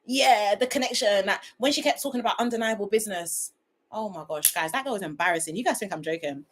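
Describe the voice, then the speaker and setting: A woman's voice: medium pitch, fast. A woman hosting a livestream review in casual chat, laughing often and talking straight to her viewers.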